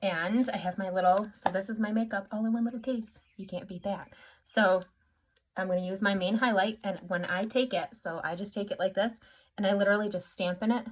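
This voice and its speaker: A woman's voice: mid-range voice, steady tone, a little fast, slight background noise. Chatty upbeat woman giving a makeup tutorial. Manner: chatty, upbeat and self-deprecating. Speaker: makeup artist.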